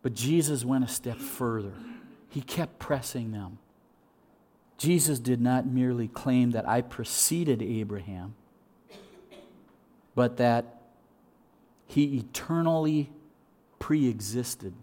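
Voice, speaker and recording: A male pastor preaching a sermon in an animated way, acting out voices and repeating words as he restarts. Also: medium pitch, takes it slowly, pauses often.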